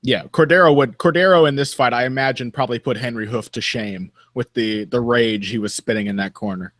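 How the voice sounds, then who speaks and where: A man co-hosting a podcast in casual chat, measured and analytical, laughing often. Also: mid-range voice, a bit bright, no room sound. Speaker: podcast co-host. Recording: dry close podcast mic.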